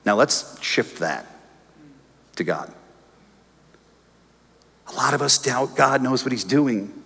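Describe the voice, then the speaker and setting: A pastor preaching a sermon, animated and storytelling, acting out his own prayers and arguments with the crowd. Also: medium pitch, slow, vocal fry, breathy edge, big-room sound. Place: church auditorium.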